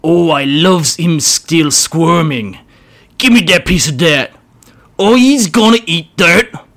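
A man's voice: on the high side, lively intonation, slow, fairly bright tone, pitched above the performer's own voice, full character voice. A man voicing greedy orc god voices that speak inside a warboss's head, coarse and leering, in a storybook reading.

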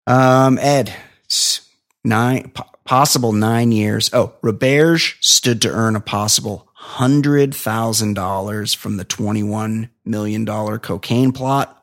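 A man's voice: on the low side, fairly even intonation, takes it slowly. A man co-hosting a podcast, reading news stories aloud and riffing on them in a profane, joking way. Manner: profane, jokey, reads stories then riffs on them. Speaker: podcast co-host.

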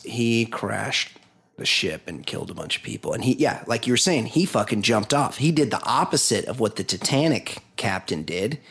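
A man's voice: mid-range voice, creaky, husky. A man co-hosting a podcast, telling a news story in a rambling, profane way, with lots of fillers. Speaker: podcast co-host. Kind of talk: casual chat.

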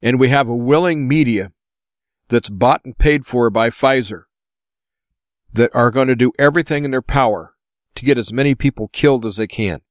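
A man's voice: mid-range voice, moderate pace, no room sound, clean studio sound. An American man hosting his own show, delivering an impassioned opinion monologue full of rhetorical questions. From United States. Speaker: host.

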